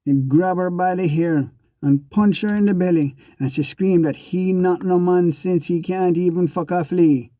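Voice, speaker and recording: A man's voice: high-pitched, a little slow, warm tone, no echo. A man narrating an audiobook in first person, with a rhythmic, repeating delivery. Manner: rhythmic, repeating sound words.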